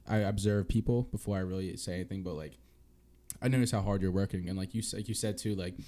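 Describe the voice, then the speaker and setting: Fast-talking young Philly man, deep voice. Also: steady tone, mellow. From Philadelphia. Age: 20s. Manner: loose and rambling, heavy fillers, casual swearing. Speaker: podcast host. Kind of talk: casual chat.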